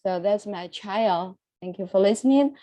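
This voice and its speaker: A woman's voice: mid-range voice, no echo, rough recording. A woman leading an English recitation group on a video call, praising and coaching the learners. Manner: warm praise, repeats words, some pauses. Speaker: English reading group leader. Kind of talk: encouraging recitation practice.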